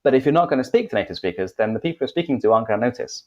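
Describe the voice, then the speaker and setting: A man's voice: medium pitch, expressive, rapid-fire, darkish tone, muffled recording. A Welsh man co-hosting a podcast, talking in a rambling, self-correcting, chatty way. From Wales. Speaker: podcast co-host, English teacher. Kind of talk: casual podcast discussion.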